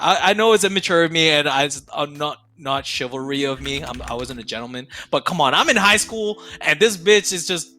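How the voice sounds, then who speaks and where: A young man telling a story from his high school days in a casual podcast chat, swearing often and getting loud when he gets worked up. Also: moderate pace, faint music behind. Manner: animated, swears often, laughs mid-story. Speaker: podcast guest.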